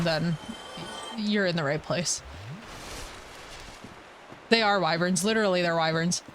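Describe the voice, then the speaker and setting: A woman's voice: mid-range voice, fairly bright tone, slight background noise. A woman streamer from the United States chatting playfully while she plays a video game live and reads out viewer messages. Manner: playful, chatty, reads chat aloud, teasing jokes. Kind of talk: casual live gameplay chat.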